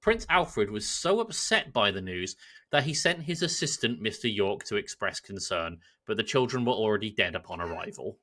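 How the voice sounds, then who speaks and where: A man's voice: lowish voice, very animated, normal speed, fairly bright tone. A man with an English accent, co-hosting a podcast, telling a historical story in a casual chat and laughing often. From England. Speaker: podcast co-host.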